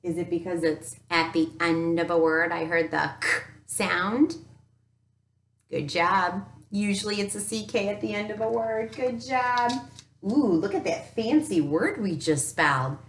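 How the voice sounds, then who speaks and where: A woman teacher giving a recorded phonics lesson to young children, upbeat and encouraging, sounding out each letter slowly. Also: lowish voice. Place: home teaching space with an easel. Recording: echoey room.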